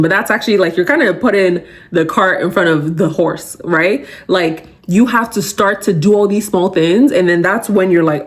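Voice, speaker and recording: A woman hosting a motivational podcast, talking casually with lots of fillers and growing lively when she recounts her own reactions. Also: fairly low pitch, normal speed, hardly any pauses. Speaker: podcast host.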